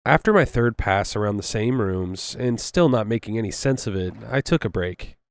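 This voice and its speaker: A man reading a horror story aloud in a measured way. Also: on the low side, animated, clear, resonant tone, no room sound, studio quality. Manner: measured, with casual asides. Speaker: story narrator.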